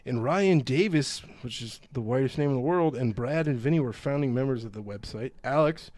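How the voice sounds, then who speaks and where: A man's voice: medium pitch, animated, fairly quick, a little mellow, no echo. A man co-hosting a casual gaming podcast, reading news stories aloud and joking about them. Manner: joking, reads headlines and riffs on them. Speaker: podcast co-host.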